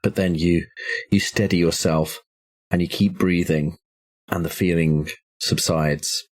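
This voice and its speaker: A man running a tabletop horror game as game master, narrating in a measured, descriptive way with small hesitations. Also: deep voice, steady tone.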